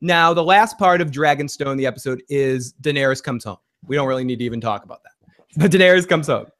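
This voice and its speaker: A man hosting a live-streamed podcast, hyping the chat with loud, profane hype-man delivery. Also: mid-range voice, quick pace. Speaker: host.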